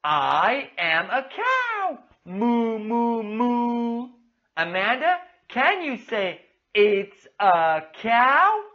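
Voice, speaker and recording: A rather high-voiced woman leads a young child through an English lesson, stretching every word out slowly. She piles on cheerful, sing-song praise and calls names out loudly. The recording sounds dull and a little muffled. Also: big pitch swings. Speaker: English teacher for young learners. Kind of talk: demo of a kids' English lesson.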